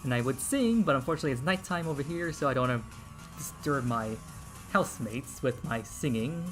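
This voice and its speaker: A man's voice: medium pitch, brisk, soft background music. A man hosting a game stream in a casual, joking chat with viewers. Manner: lively, joking, talks to chat.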